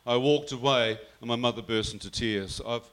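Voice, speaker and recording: A man tells his own story in a bright, forceful voice. He speaks earnestly and slips into his mother's words as he recounts them. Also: medium pitch, normal speed. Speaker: guest telling his testimony. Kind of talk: personal storytelling.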